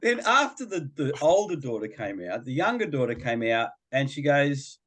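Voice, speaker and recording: A middle-aged man talking on a podcast. His pitch swings up and down a lot as he tells the story, and he slips into other people's voices. He sounds casual, chatty and animated. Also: moderate pace. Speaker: guest, behaviour coach.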